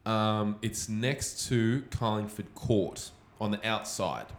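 A man's voice: lowish voice, slow. A man co-hosting a podcast, chatting casually and hedging his claims. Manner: easygoing, hedging. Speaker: podcast co-host. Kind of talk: casual chat. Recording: echoey room.

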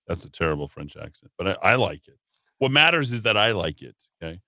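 A man's voice: deep voice, lively intonation, fast talker, bright, forceful tone, dry recording. A man hosting a talk radio show in a studio, reading news headlines and wandering into rambling asides with lots of filler words. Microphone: studio microphone.

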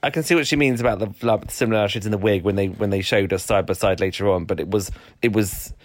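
A man's voice: lowish voice, dry recording. Male co-host, giggly and playful in easy banter. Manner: giggly, playful, quick to laugh. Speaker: podcast co-host. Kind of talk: casual chat reviewing a TV show.

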